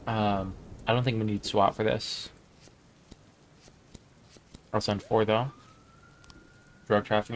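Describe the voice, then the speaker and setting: A young man casually commenting on a game he plays, reading its text aloud in a low-key way. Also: background noise. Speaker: gaming YouTuber. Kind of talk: let's play commentary.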